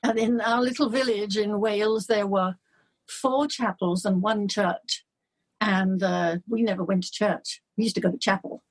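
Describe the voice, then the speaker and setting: An older woman from England, a guest in an interview, chatting warmly and laughing as she tells stories. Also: medium pitch, steady tone, moderate pace. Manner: warm, laughing, storytelling. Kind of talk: casual chat.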